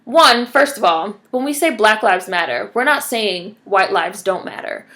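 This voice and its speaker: A woman's voice: mid-range voice, animated, measured pace, bright, forceful tone. A woman vlogger speaking directly to her viewers, impassioned and emphatic, with frequent asides to the audience. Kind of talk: direct-to-camera commentary.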